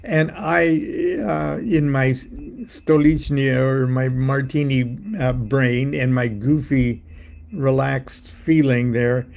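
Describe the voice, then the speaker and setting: A man's voice: medium pitch, steady tone, slow pace, vocal fry, a little mellow. A man telling a personal story in a casual, rambling way, with many fillers and restarts, and now and then acting out the voices in it. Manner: playful, acting out announcements and voices. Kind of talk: casual spoken anecdote.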